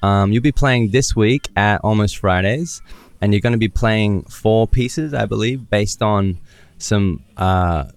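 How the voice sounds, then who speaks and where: A man's voice: lowish voice, unhurried, clean tone, no echo. A man with an Australian accent hosting a podcast, chatting casually and upbeat, often joking at his own expense. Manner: upbeat, chatty, self-deprecating. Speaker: podcast host. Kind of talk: casual interview chat.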